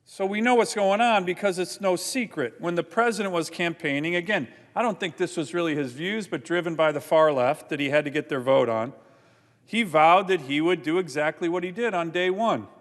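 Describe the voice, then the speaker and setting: A man giving an indignant, forceful floor speech as a senator, often repeating his points. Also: a little high, brisk, long reverb tail. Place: large legislative chamber.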